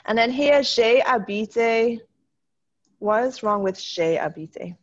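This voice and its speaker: A woman's voice: medium pitch, animated, dull audio. Upbeat woman teaching French over a call. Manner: upbeat, encouraging, slows down to model French words. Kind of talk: online class, correcting student writing. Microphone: video call.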